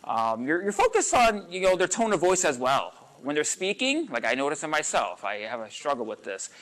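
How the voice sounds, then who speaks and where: In a meeting room, a male coach runs a casual workshop on listening for a small group, speaking at a moderate pace in a slightly high voice with lively swings. He's animated and conversational, uses lots of fillers, and acts out sample lines. The recording quality is rough.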